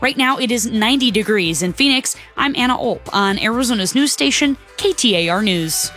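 A woman reading a radio newscast as the station's anchor, in a crisp, even newsreader delivery. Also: a little high, a little fast, soft background music. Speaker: news anchor.

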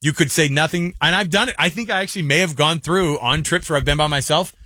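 Fast-talking bright man with music behind. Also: fairly high pitch, no echo, studio quality. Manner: quick, joking, full of fillers. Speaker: co-host. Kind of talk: casual chat.

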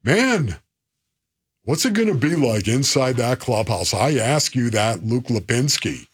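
Man with a lively, husky announcer voice. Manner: drifts into a low, drawn-out announcer voice. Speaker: sports radio co-host. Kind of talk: casual sports radio talk.

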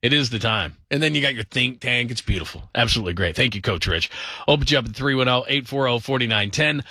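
Man, radio host, sports call-in show, bright tone, dry close studio sound. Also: mid-range voice, animated, fast talker, dry recording. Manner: upbeat, laughs easily, reads phone number often. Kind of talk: late-night call-in radio. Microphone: studio microphone.

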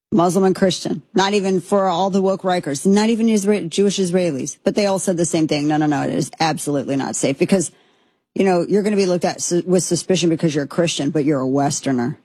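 A woman's voice: on the low side, dark tone, breathy edge, no room sound. A woman hosting a political commentary show, speaking in an emphatic, impassioned way that rambles with restarts. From United States.

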